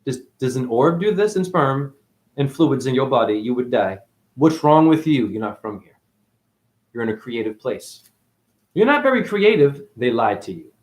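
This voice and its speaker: A man ranting on a spiritual livestream, cursing freely and jumping between loud high outbursts and low mutters. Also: big pitch swings, normal speed. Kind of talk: rambling spiritual livestream rant.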